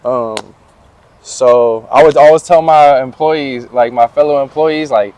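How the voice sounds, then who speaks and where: Young man, outdoor street interview, slangy and unhurried storyteller, mid-pitched voice. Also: a little mellow, dry recording. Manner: slangy, laid-back storytelling. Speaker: interview guest.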